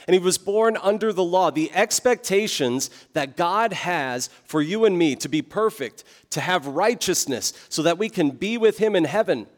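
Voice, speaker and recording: A pastor preaches with earnest conviction, putting rhetorical questions to his listeners. His voice sits a little high for a man. The sound carries a long reverb, as if filling a large church hall. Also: lively intonation, normal speed, hardly any pauses. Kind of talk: sermon.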